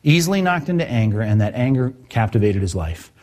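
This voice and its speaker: A male pastor giving a sermon in a conversational, animated way, often asking his listeners rhetorical questions. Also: mid-range voice, fairly quick.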